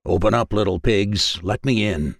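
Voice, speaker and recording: A man's voice: lowish voice, normal speed, creaky, no room sound, studio quality. A man voicing a hungry, menacing big bad wolf in a storybook reading, with a growling, threatening manner.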